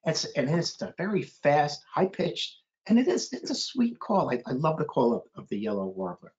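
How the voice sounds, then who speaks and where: A man's voice: moderate pace, muffled recording. A middle-aged man reading a children's book aloud, breaking into playful bird call imitations. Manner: animated, mimics bird calls with sudden high hoots.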